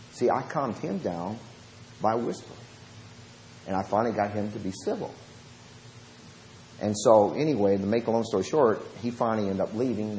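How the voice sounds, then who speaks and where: A man with a Southern US accent, a preacher telling lively stories from Bible studies and switching between fast talk and slow, low speech. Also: slight background noise. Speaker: preacher and Bible study teacher. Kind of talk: storytelling lesson. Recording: roomy echo.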